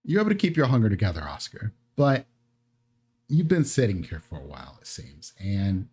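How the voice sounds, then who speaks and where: Husky-voiced man running a tabletop game. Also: on the low side, moderate pace. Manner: relaxed, rambling narration with fillers. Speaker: game master.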